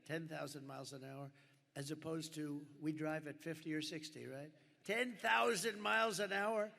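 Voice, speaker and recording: An older candidate with a fairly high, creaky, slightly bright voice rambles at a podium microphone during a campaign rally. Superlatives and asides to the crowd fill his speech, and the large packed venue sounds echoey with crowd noise.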